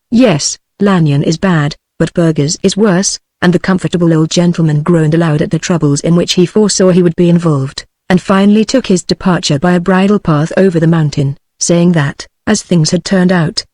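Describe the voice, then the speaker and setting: A text-to-speech woman's voice with a British accent, reading a novel aloud in an even synthetic delivery. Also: on the low side, a little fast, few pauses, no room sound. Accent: British English. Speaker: audiobook reader.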